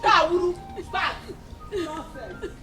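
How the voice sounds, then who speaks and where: Loud taunting Nigerian sister, high and swooping voice, bossy bully. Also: female voice, animated, takes it slowly, over music, exaggerated voice. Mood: mocking. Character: scornful bossy young woman bully. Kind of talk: Nollywood film acting.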